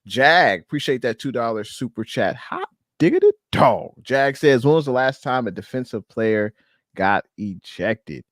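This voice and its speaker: A man's voice: medium pitch, normal speed, a bit bright, no echo, clean studio sound. A man hosting a casual sports chat on a live stream, talking loosely with fillers and reading out names from the chat. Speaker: podcast host.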